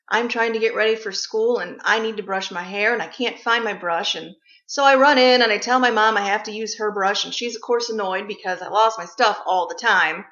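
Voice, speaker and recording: A woman's voice: mid-range voice, sharp tone. A woman vlogger delivering a blunt, sarcastic, profane comic rant. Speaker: vlogger ranting about gifts. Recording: echoey room, slightly dull sound.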